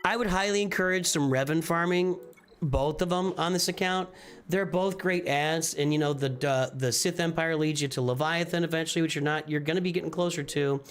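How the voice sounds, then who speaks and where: A man's voice: on the high side, fairly quick, clean tone. A man streaming live, reviewing viewers' game rosters in casual commentary, thinking aloud with restarts and repeated phrases. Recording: faint music behind.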